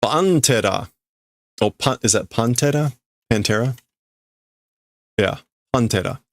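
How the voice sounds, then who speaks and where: A man's voice: mid-range voice, a little slow, no room sound. A man livestreaming as he reads and translates manga in a casual way, thinking aloud and often stopping to correct himself.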